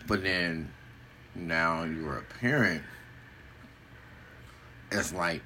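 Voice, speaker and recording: A man chatting casually on a podcast, laid-back, with short replies and quick bursts. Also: low-pitched, pushed and bright, slight background noise, low-quality recording. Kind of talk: casual chat.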